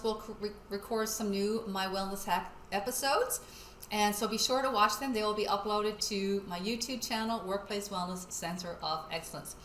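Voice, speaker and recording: A woman's voice: mid-range voice, a bit bright. Woman, cooking vlog host, casual and chatty, echoey room, light hiss. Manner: chatty, laughs often, talks to husband behind camera. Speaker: wellness channel host. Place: home kitchen.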